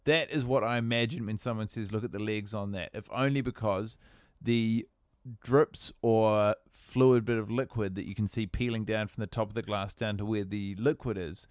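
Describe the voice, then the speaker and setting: Wordy, dry-humored man, crisp voice. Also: lowish voice, fairly even intonation, normal speed, a little mellow, no room sound. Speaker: podcast co-host. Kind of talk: casual podcast banter.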